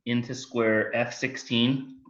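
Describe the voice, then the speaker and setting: A man's voice: mid-range voice, level tone, slow, fairly bright tone. A man playing a tabletop game, chatty and a little theatrical as he calls out his moves. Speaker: player. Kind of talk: tabletop game play over voice chat. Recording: dull lo-fi mic.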